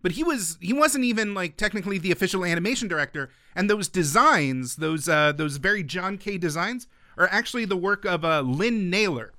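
Man, podcast co-host, high voice, bright and forceful, opinionated casual chat. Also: no echo, studio quality. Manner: animated, opinionated, quick with asides. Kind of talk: casual chat about animation history.

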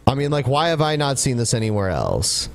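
A man chats casually as a podcast host, loose and conversational. His pitch swings widely and animatedly as he talks. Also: huge pitch swings, brisk, slight background noise. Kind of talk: casual chat.

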